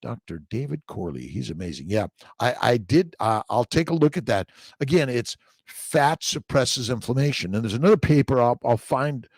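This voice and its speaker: A man's voice: mid-range voice, sing-song, normal speed, dry recording. An older man hosting a casual morning livestream, reading out viewer comments and talking in rambling bursts with emphatic repeats. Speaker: livestream host.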